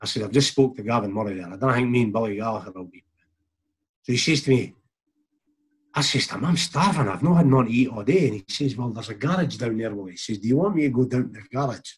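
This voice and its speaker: A man's voice: mid-range voice, lively intonation, quick pace, husky. A middle-aged Scottish man, a former footballer, telling a rambling anecdote with chuckles, acting out what others said. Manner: rambling, chuckling, quotes others in reported speech. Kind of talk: casual anecdotal storytelling.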